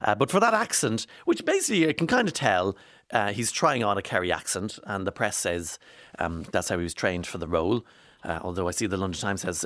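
Male presenter, lowish voice, dry studio, rambling news commentary. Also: very animated, fairly quick, a bit bright, no echo. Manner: chatty, digressive, many fillers. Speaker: radio presenter.

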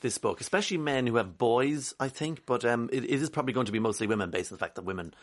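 A man hosts a studio radio show, talking briskly and conversationally. His voice is mid-pitched, and he drops in quick asides between questions. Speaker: radio host. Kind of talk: radio interview. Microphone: studio microphone.

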